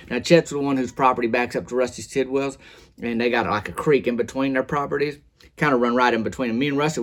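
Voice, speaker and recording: Guy drawling out a rambly deadpan yarn, folksy, mid pitch. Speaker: comedic storyteller. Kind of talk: deadpan character monologue.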